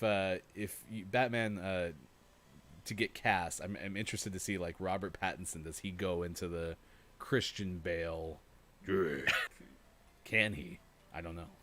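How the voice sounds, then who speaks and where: A man's voice: on the low side, fairly bright tone. A man in his thirties co-hosting a gaming morning show in casual chat, laughing often while telling anecdotes.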